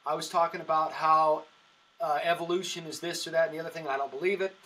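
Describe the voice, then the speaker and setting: Man, comedian guest, casual podcast chat, rambling stories, frequent restarts, bright voice, distant mic. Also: on the high side, fairly even intonation, fast talker.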